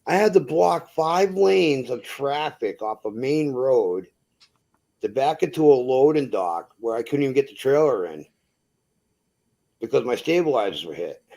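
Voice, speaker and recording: A man from Massachusetts, a truck driver, telling a profane, animated story in casual chat and acting out what people said. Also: medium pitch, unhurried, gravelly.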